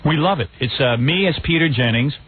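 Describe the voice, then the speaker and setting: A man's voice: a little high, a little fast, slightly rough. A man hosting a radio show, joking loosely and wisecracking. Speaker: radio host. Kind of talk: comedic radio banter. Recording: tinny phone-like radio audio.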